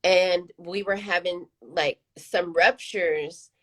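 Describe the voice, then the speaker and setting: Earnest, reflective woman with a lowish voice. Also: fairly even intonation, slow pace. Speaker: parent coach. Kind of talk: live panel discussion.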